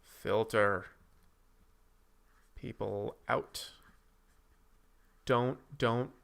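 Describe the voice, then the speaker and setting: A man's voice: lowish voice, fairly even intonation, very slow, vocal fry, a bit bright. A man hosting a casual livestream, rambling while he reads and answers viewers' comments and draws. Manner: drawing while talking. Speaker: streamer host.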